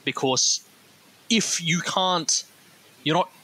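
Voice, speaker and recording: A man's voice: a little high, slow, bright, forceful tone, husky, low-quality recording. An Australian man on a podcast, bluntly arguing his point in casual discussion. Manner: blunt, argues a point plainly. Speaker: podcast co-host.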